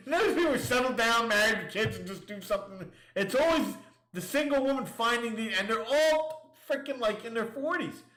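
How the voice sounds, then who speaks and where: A fairly high-voiced man hosting a casual livestream, reading out listings and tearing into them with crude sarcasm. His voice carries a noticeable room echo, as if he is recording in a bare space. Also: lively intonation, a little fast, sharp tone. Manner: reads listings aloud then riffs. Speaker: show host.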